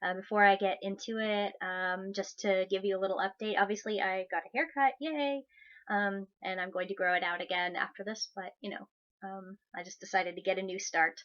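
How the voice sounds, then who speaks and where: A woman's voice: mid-range voice, steady tone, fairly quick, a bit bright, lo-fi sound. A woman in her thirties hosting her own vlog, chatty and upbeat. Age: 30s. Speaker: vlogger. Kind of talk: casual vlog chat.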